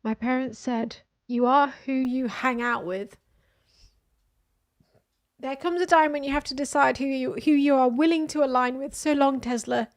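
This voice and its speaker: A woman streamer reading news posts aloud and reacting in a casual, animated way, with exclamations. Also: high-pitched, normal speed.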